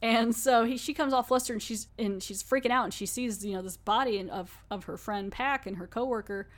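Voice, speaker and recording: A woman's voice: a little high, a little fast. A woman podcast host giving a rambling, chatty recap of a TV episode and laughing often.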